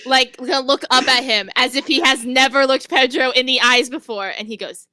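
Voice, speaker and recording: A woman playing a tabletop game, animated and playful. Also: sits high, normal speed, no echo. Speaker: player. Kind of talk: casual tabletop game chat.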